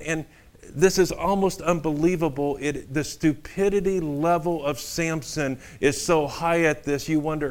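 A male pastor preaching a sermon in a conversational, animated storytelling way. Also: a little high, moderate pace.

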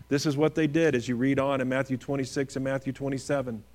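A man preaching a sermon earnestly, rising to emphatic peaks and dropping to hushed, quiet phrases. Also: medium pitch, flat delivery, quick pace, few pauses. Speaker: pastor.

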